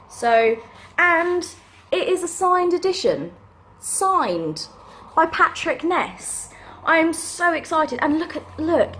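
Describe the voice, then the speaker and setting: Excitable young woman unboxing books. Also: fairly high pitch. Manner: excitable, gushing, giggly. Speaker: book vlogger. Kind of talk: casual unboxing chat.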